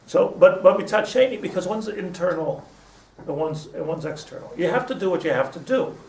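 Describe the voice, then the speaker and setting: A rabbi with a high, expressive, slightly mellow voice leads an informal Torah class at a fairly quick clip. He talks conversationally, mixes in Hebrew terms, and often restarts his sentences. The mic is distant and roomy, with faint ambience.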